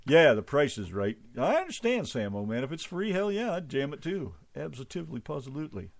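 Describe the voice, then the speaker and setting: A man's voice: on the high side, sing-song, a little fast, vocal fry. A middle-aged American man hosting a casual radio show from a truck, rambling and joking with plenty of swearing. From United States. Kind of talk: casual talk radio banter.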